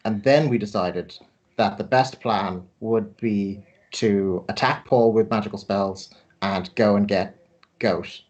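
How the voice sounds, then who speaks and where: A man's voice: lowish voice, slow, darkish tone, muffled recording. Dry-joking Irish man recapping. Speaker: player. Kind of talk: casual chat recapping a game.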